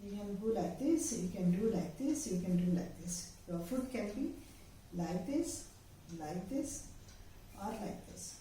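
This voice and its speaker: A woman teaching dance steps, explaining patiently with pauses and fillers as she demonstrates. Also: medium pitch, animated, dark tone. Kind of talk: step-by-step dance instruction. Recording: very echoey room, voice far from the mic, faint noise.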